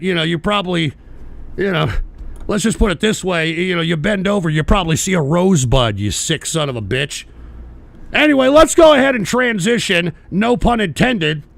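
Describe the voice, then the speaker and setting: An older man hosting a political podcast, ranting angrily with heavy profanity and shouting at times. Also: high voice, vocal fry, dry recording. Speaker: podcast host.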